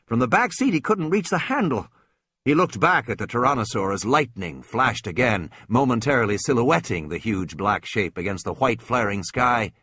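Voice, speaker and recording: Man narrating with lively, tense expression. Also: medium pitch, normal speed, breathy edge, no room sound, studio quality. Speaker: audiobook narrator. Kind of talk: dramatic audiobook narration.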